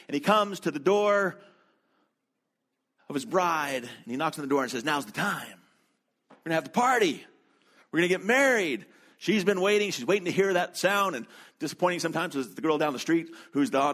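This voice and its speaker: A man's voice: a little high, a bit bright. Conversational male pastor preaching. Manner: conversational storytelling with quick asides. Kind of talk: sermon.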